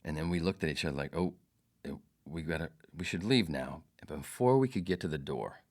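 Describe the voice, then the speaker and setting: A man's voice: rumbling low, lively intonation, fairly quick. A man hosting his own podcast, telling a rambling, profane, jokey story in a casual monologue. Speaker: podcast host.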